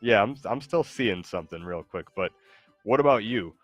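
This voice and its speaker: A man streaming a game who chats casually, talking in a halting, hesitant way full of fillers and restarts. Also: fairly low pitch, animated, a bit bright, no room sound, soft background music. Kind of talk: casual chat while gaming.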